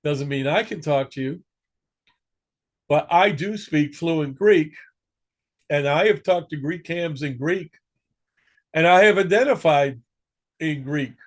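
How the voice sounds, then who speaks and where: A man's voice: on the high side, slow pace, long pauses. Chatty man teaching a radio class. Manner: chatty, joking, self-correcting. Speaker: instructor. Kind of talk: casual classroom lecture.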